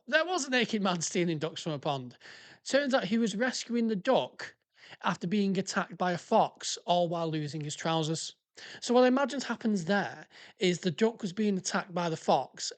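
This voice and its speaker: A man hosting a podcast, ranting in a blunt, sweary way. He is a former police officer reacting to listener stories in heated, casual commentary. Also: high voice.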